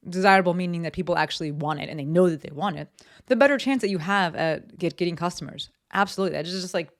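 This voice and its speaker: A candid, chatty podcast host from New Jersey, talking solo about business. The delivery is loose and conversational, full of fillers and the odd swear word. It is recorded in a home office. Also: mid-range voice.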